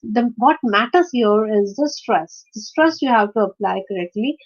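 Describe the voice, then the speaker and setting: This woman's voice sits fairly high and sounds animated as she teaches word stress online at a normal pace. She breaks it down step by step, sprinkling in fillers and checking questions like "right?" It's captured on a dull, lo-fi recording.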